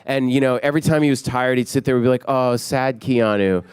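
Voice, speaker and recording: A male film director in an interview, spilling out anecdotes with energy and slipping into other people's voices as he goes. His pitch sits in an ordinary middle range, and the sound is close and dry. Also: racing, clear, resonant tone, no echo. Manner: energetic anecdotes, acting out quotes. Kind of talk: animated storytelling in an interview.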